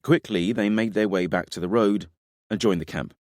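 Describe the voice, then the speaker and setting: A man narrates a fantasy audiobook in a very low voice. His reading is measured and dramatic. The recording is dry and close, with no room sound. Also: a little mellow, no room sound.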